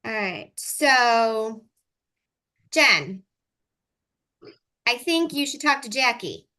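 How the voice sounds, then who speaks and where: A woman's voice: fairly high pitch, animated, extremely slow, pushed and bright. A woman leading a group video call, coaching with breathing cues and affirmations in an encouraging way. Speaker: energy clearing coach. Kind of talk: guided breathing and coaching session.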